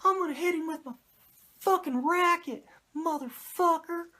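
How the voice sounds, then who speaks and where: A man putting on the voice of a swearing, high-pitched male wrestling manager. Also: moderate pace, pushed and bright. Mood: scheming. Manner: bossy, swearing.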